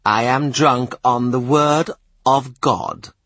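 A man's voice: mid-range voice, slow pace, creaky, fairly bright tone, dry recording, exaggerated voice. Storybook role: a zealous small priest, put on by a man, rapturous and preachy. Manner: ecstatic, self-assured preaching.

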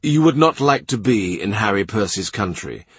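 A man's voice: on the low side, lively intonation, moderate pace, a bit bright, husky, no room sound. A man voicing a wry, witty middle-aged court official who teases in a dry manner. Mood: wry, teasing. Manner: dry, teasing storyteller.

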